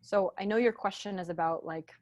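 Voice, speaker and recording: A woman guest in a podcast interview, speaking slowly and deliberately in a grounded, reflective teaching tone over a video call. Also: mid-range voice, a little mellow. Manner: slow, deliberate, grounded delivery.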